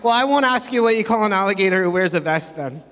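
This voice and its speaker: A man's voice: sits high, expressive, quick pace, a bit bright. A middle-aged man preaching a sermon as pastor, chatty and self-mocking, rambling between jokes. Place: church hall. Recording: reverberant church hall.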